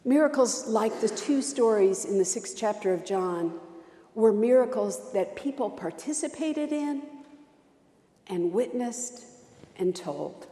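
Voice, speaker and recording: A woman's voice: fairly high pitch, expressive, takes it slowly, dark tone, roomy sound, long reverb tail. A woman pastor preaching a sermon, telling stories with strong emphasis and repetition.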